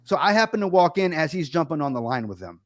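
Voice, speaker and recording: Animated storyteller man, higher voice. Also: quick pace, background noise. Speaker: guest. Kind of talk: casual storytelling chat.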